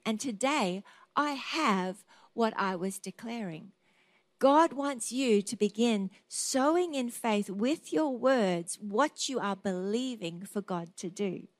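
A woman's voice: fairly high pitch, no room sound. A middle-aged woman preaching a sermon, telling personal stories and acting out her own thoughts in an earnest way. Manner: earnest, storytelling, acts out quoted thoughts.

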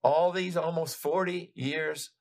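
An older man preaching a sermon, retelling a story in an animated, building way with frequent restarts. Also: a little high, slow, gravelly.

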